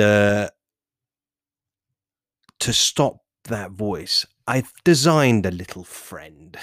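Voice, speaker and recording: A man's voice: low voice, no room sound, clean studio sound. A man hosting a fitness podcast, talking in a rambling, self-correcting monologue. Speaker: podcast host.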